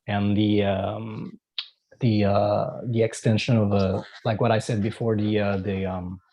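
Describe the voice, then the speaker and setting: A man with a Quebec French accent speaks as an interview guest in a fairly low voice. He talks hesitantly and fills his answers with ums and restarts. His tone is casual and searching. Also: little pitch movement, a little slow, dark tone. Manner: hesitant, many fillers and restarts. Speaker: guest musician.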